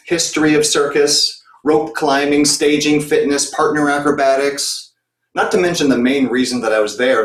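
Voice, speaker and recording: A man giving a talk as a circus performer, telling his personal story in an earnest, reflective way. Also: mid-range voice. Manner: earnest, reflective, with occasional restarts. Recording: echoey room, distant mic.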